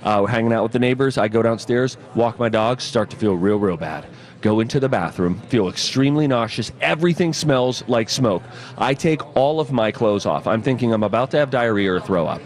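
A male morning radio co-host in casual banter, telling animated comic stories into a studio microphone. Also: mid-range voice, a little fast.

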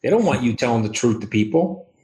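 A man talks in a fast, emphatic rush, clearly wired on caffeine. His voice sounds roomy, with the echo of the room around the mic. He leans hard into rhetorical questions. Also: mid-range voice, lively intonation, mellow. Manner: rapid, emphatic, acts out quoted voices. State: over-caffeinated and wound up. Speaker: podcast guest. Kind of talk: animated interview talk.

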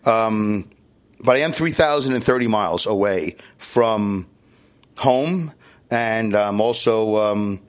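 A man's voice: lowish voice, slow pace. A man with a Brooklyn accent hosting his podcast from a hotel room, rambling and self-deprecating, with lots of restarts and asides. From New York. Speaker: podcast host. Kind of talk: casual solo podcast monologue.

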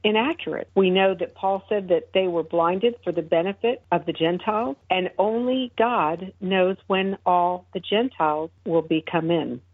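A woman's voice: fairly low pitch, normal speed, few pauses, slightly rough, no room sound. A middle-aged woman, a guest on a radio show, earnestly telling a personal faith story with frequent fillers and restarts over the phone. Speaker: guest, founder of an advocacy group. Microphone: telephone. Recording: tinny, dry phone line.

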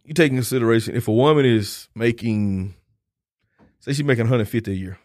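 A man talks in casual chat, blunt and quick to joke. He's opinionated and cusses freely. His voice has a middle pitch and a dry, close sound. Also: a little mellow, dry recording. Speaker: podcast co-host.

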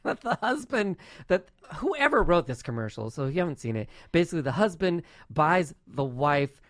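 Playful podcast host, dry close sound. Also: male voice, on the high side, sing-song, fairly bright tone, no echo. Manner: playful, jokey, quick restarts. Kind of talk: casual chat.

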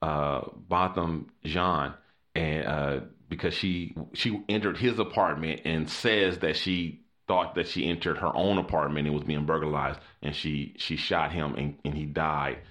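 A man's voice: very deep voice, a little slow. A man co-hosting a podcast, telling news stories in casual chat and laughing often. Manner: animated storyteller, laughs often. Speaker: podcast co-host.

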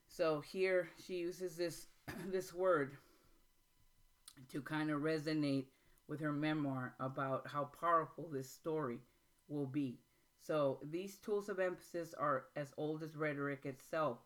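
Woman, writing workshop host, informal teaching talk, halting delivery, slow read-aloud passages. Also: low-pitched. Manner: halting, with many restarts and pauses; reads excerpts aloud slowly.

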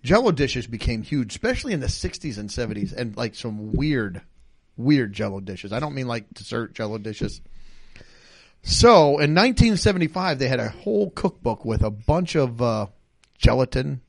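A man hosting a casual chat, telling food stories in a chatty, animated way. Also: medium pitch, moderate pace, no echo, clean studio sound. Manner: chatty, lively storytelling with laughs. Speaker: podcast host.

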